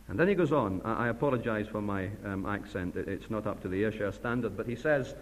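A man preaching a sermon to a church assembly, passionate, swinging between loud emphasis and hushed asides. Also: fairly low pitch, fairly quick, few pauses. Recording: long hall reverb.

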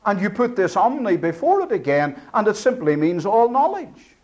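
Man preaching with lively, swooping pitch. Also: brisk, muffled recording. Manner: dramatic swings between booming and hushed; breaks down words syllable by syllable. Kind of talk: expository sermon.

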